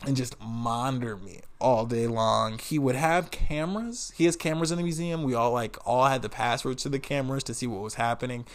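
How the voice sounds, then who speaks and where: A man telling a story about his old job in a casual vlog, swearing and sounding exasperated as he tells it. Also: mid-range voice. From United States. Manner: profane, animated, exasperated. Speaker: vlogger.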